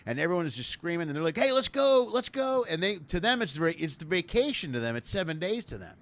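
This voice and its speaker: A man hosting a casual comedy interview over a video call, joking and excitable, jumping from loud bursts to low mutters. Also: fast talker. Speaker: comedian host of a video chat show.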